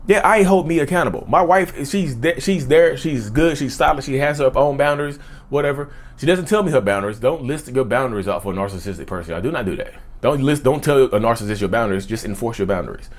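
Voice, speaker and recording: A man's voice: medium pitch, quick pace. A man, talking to camera in an earnest, preachy way and repeating lines for emphasis. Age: 30s. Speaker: mental health video creator. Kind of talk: casual talking-to-camera monologue.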